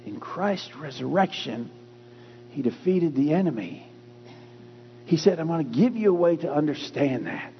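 A man preaching a sermon in a church. He talks emphatically and repeats key phrases with slow, drawn-out stress. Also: on the high side, expressive, slight background noise. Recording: dull recording with long hall reverb.

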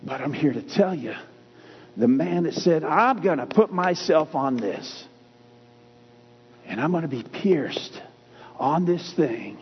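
A man preaching a sermon in a church. He talks emphatically and repeats key phrases with slow, drawn-out stress. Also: on the high side, lively intonation, husky. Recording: dull recording with long hall reverb.

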